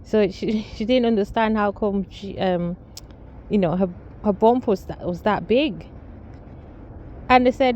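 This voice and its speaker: A woman's voice: mid-range voice, measured pace, pauses often, darkish tone, muffled recording, slight background noise. A woman telling a casual family story, rambling with restarts and amused asides. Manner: rambling, many restarts and fillers, laughs at own story.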